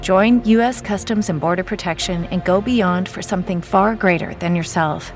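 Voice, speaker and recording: A woman's voice: medium pitch, normal speed, soft background music, natural voice. A woman narrating a scripted recruiting ad in an earnest, inspiring way. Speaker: recruitment ad announcer.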